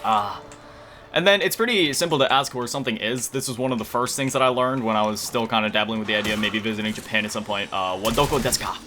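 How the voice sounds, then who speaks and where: A man's voice: on the low side, fast, pushed and bright, soft background music. A man chatting casually while playing a video game, rambling and self-deprecating, often trailing off to recall words. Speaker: gaming YouTuber.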